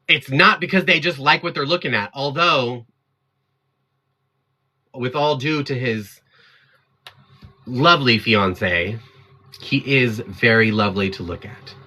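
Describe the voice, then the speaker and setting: A man's voice: mid-range voice, takes it slowly, long pauses, pushed and bright. A man hosting his own livestream, talking straight at his chat in a heated, defiant rant. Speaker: livestream host.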